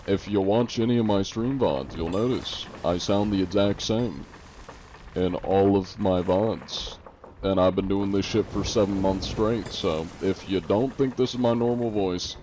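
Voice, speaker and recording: A streamer with a fairly low, warm and mellow voice banters with his crew and chat. He slips in and out of a playful judge act, teasing and mock-formal, with a faint hum of noise under his voice. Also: poor audio. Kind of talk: live-stream banter, role-playing a judge.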